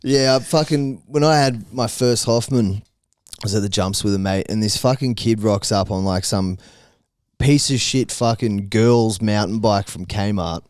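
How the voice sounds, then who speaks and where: A man's voice: fairly low pitch, a little slow, a little mellow, no echo, studio quality. Laid-back young Australian man. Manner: laid-back, sweary storyteller. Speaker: podcast co-host. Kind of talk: casual chat.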